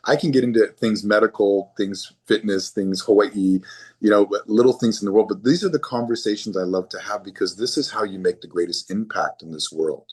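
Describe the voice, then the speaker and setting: A man's voice: fairly low pitch, a little fast, breathy edge. A man speaking as a physician guest in an interview, earnest and often repeating words as he starts a thought. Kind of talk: conversational interview.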